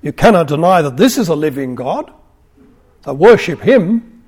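A man reading aloud the lines of a stern, hot-tempered ancient king, with loud, emphatic declarations. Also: a little high, very animated, normal speed, breathy edge. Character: stern ancient male king, quick to anger.

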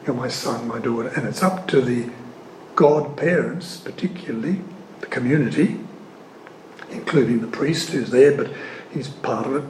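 A man giving an earnest, emphatic sermon-style teaching on scripture. He leans hard on key words and pauses often. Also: mid-range voice, a little mellow, a little hiss or hum. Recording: echoey room.

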